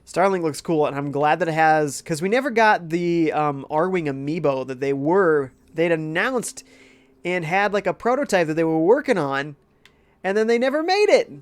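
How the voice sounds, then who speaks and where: This young man's voice is a little high and expressive, moving at a normal pace, though it's thick and congested from a cold. He's a game streamer who casually chats as he plays and reads viewer comments out loud.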